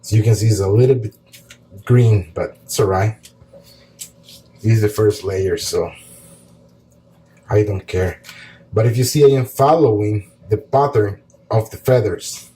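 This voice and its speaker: Guy walking you through painting a bird, mellow easygoing voice, slow and chill with lots of uhs, faint hiss behind. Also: fairly low pitch, rough recording. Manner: calm, relaxed explaining while painting, with pauses and fillers. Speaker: art teacher. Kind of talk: step-by-step painting tutorial.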